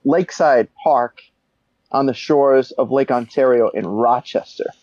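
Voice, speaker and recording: A man's voice: medium pitch, measured pace, darkish tone, no echo, highs cut off. A man chatting casually as a guest, telling rambling jokey stories. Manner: rambling, joking storyteller. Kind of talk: casual chat.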